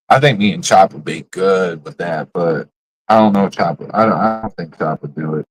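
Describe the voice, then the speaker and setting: A man's voice: sits low, normal speed, breathy edge, rough recording. A man streaming live, ranting bluntly about other creators in casual, profane slang. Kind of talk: casual livestream rant.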